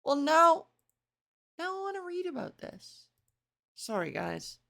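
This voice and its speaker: Gravelly-voiced chatty woman. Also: very high-pitched, big pitch swings, takes it slowly, sharp tone. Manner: chatty, self-mocking, swears, reads aloud and reacts. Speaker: video creator. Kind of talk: casual reaction commentary.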